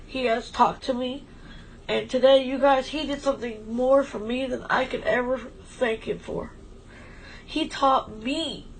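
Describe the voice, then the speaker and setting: A woman's voice: sits high, steady tone, a little slow, a little hiss or hum, rough recording. A woman talking in a casual, heartfelt way on a stream, emotional and rambling as she thanks a friend. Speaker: livestream co-host.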